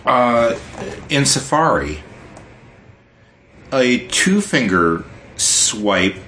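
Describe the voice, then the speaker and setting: A man co-hosting a casual tech podcast, unhurried and hesitant, with many ums and restarts as he explains features. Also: medium pitch, big pitch swings, pushed and bright, slight background noise. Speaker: podcast co-host.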